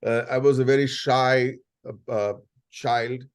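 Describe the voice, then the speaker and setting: A man's voice: mid-range voice, little pitch movement, measured pace, smooth. A man in his sixties with an Indian English accent, telling playful anecdotes to an audience over a video call. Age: 60s. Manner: playful, storytelling, jokes and asides. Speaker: guest speaker.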